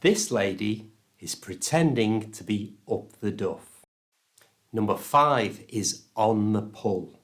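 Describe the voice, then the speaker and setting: Slow, careful British English teacher. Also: male voice, lowish voice, lively intonation, a bit bright, slight background noise. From United Kingdom. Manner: careful, clear pronunciation coaching. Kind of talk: scripted language lesson.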